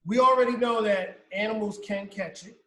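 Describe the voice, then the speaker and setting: A man's voice: high-pitched, moderate pace, a bit bright, roomy sound, rough recording. A man co-hosting a radio talk show, chatting casually and giving advice to listeners. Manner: conversational, advising listeners. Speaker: radio co-host.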